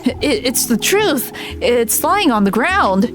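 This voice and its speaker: A frantic young village girl from a fairy-tale game, as a woman streamer reads her part. The voice jumps up high and comes out breathless and urgent, and soft music plays faintly behind her. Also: big pitch swings, takes it slowly. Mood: excited. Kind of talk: reading game dialogue aloud.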